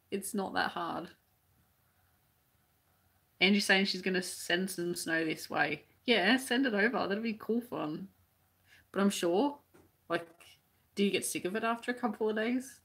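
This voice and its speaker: A woman's voice: mid-range voice, a bit bright, breathy edge. An Australian woman who teaches crochet, chatting casually on a live stream as she reads out viewer comments, rambling with many restarts.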